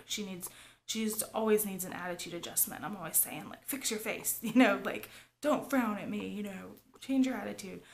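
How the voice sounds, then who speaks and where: Slight background noise sits behind this woman's lowish, somewhat bright voice as she shares confessional family-vlog talk. Rambling and confiding, she leans on "like" and "you guys" and often lowers to a whisper.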